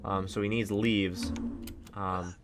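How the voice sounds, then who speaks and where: A man's voice: deep voice, fairly even intonation, takes it slowly, noisy background. A man giving casual, rambling gameplay commentary with lots of fillers. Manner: rambling, chatty, many fillers. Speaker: let's play host.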